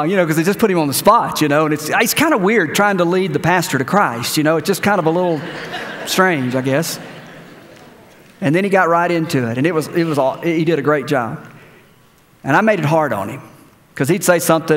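Guy pastor preaching, kinda high voice, big church echo. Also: fairly bright tone. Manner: conversational preaching with anecdotes, ends in prayer. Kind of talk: sermon. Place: church sanctuary. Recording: church hall reverb.

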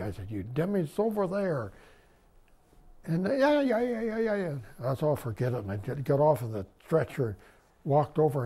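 A man's voice: mid-range voice, breathy edge. A man in his nineties, a war veteran, telling his story in an oral history interview. He rambles, restarts sentences, adds wry humor, and lifts his voice when quoting others. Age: 90s. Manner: animated retelling, lifting his voice for quoted dialogue.

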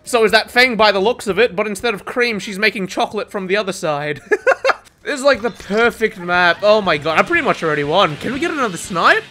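A gamer giving excitable live commentary over gameplay, swearing and laughing often. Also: mid-range voice, brisk, soft background music. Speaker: gamer streaming a match.

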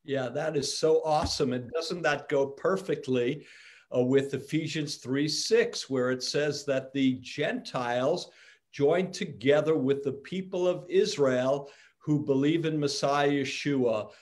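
A man's voice: on the high side, unhurried, darkish tone. A man speaking as a rabbi, inviting listeners in and explaining scripture in a live discussion. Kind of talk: Bible teaching discussion.

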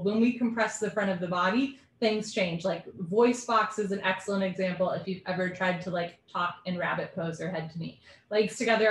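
A woman leading a live yoga class from home, calling out poses briskly and dropping in chatty asides. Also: mid-range voice, reverberant, a little hiss or hum. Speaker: yoga teacher.

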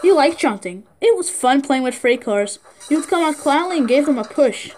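A woman's voice: sits high, expressive, moderate pace, darkish tone, a little hiss or hum. A woman narrating a train story for a fan redub, reading plainly with small slips.

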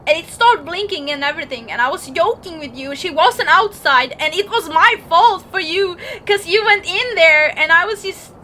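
A woman's voice: extremely high pitch, lively intonation, moderate pace, few pauses, bright, forceful tone, a little hiss or hum, rough recording. A young woman streaming a horror game, talking dramatically and swinging between taunts and cries of dismay. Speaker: gaming streamer. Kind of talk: gaming commentary with a friend.

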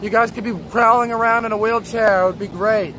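A brash, profane young man livestreaming outdoors on a city street while sitting in a chair, commenting on traffic and shouting at passersby. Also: high-pitched, steady tone, fairly quick. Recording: loud traffic noise outdoors.

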